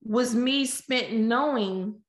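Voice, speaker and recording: Animated woman telling a personal story. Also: a little high, very slow. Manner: lively, animated retelling with voiced quotes. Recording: echoey room.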